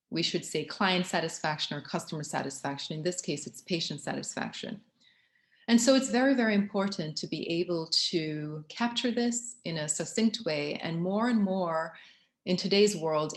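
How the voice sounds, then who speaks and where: Measured woman giving a conference talk. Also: low-pitched, echoey room. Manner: measured, with frequent ums and restarts. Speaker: conference speaker.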